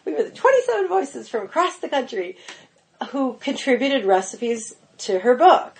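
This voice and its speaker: A middle-aged woman, a pastry chef guest on a podcast, telling lively anecdotes full of "like" and "you know". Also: high voice, moderate pace, gravelly. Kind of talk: casual interview storytelling.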